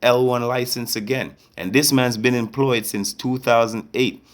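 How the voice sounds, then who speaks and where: A man's voice: mid-range voice, steady tone, normal speed. A man in an angry, confrontational rant to camera as a vlogger, repeatedly checking that listeners follow him. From Canada. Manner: confrontational, repeats "you get me".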